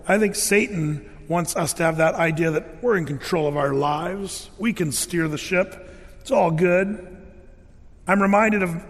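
Man, preacher, sermon, lively storytelling, high voice, long hall reverb. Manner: lively storytelling with sound effects and voiced quotes. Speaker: pastor.

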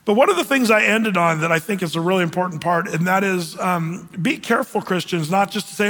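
A man with a high voice preaches in a casual, conversational way. He slips into sarcastic mock voices to poke fun at gullible believers. His words ring out with a long reverb through a church sanctuary. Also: fairly quick, hardly any pauses, pushed and bright. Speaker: pastor. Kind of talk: sermon.

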